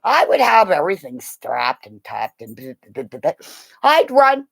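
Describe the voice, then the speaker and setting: A woman from Canada ranting in a monologue, swearing a lot and swinging from shouts to low mutters. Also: wildly swooping pitch, moderate pace, gravelly, dry recording.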